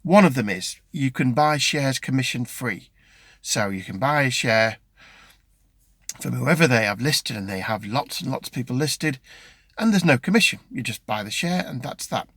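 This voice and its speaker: A middle-aged British man vlogs casually from his car, rambling, restarting often, and saying um a lot. His voice is medium in pitch and fairly bright, with lively intonation, normal speed, and no room sound.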